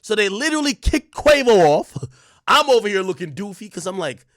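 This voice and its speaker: A man in his thirties, a streamer host, telling a story in casual, profane street slang, jumping from loud bursts to muttered asides. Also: high voice, sing-song, a little fast, dry recording, studio quality.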